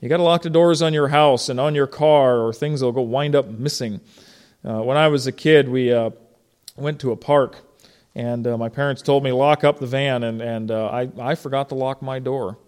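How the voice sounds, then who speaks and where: A man's voice: medium pitch, fairly even intonation, normal speed, darkish tone, smooth. A middle-aged man preaching a sermon in a conversational way, asking his congregation questions and telling stories from home. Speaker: pastor.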